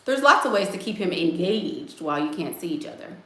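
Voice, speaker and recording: A woman's voice: on the low side, big pitch swings, fairly quick, pushed and bright, echoey room. A woman giving blunt, sassy dating advice while answering viewers in a casual live stream. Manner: blunt, sassy, emphatic, addresses viewers as y'all.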